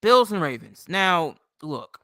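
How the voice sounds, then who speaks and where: A young man ranting on his own sports channel, heated and profane, tagging his points with "bro". His voice is bright and forceful, clean and crisp, and recorded dry, with no room sound around it. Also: high voice, sing-song, slow, no room sound. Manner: heated, swearing, repeats "bro" and "okay". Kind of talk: casual profane sports rant.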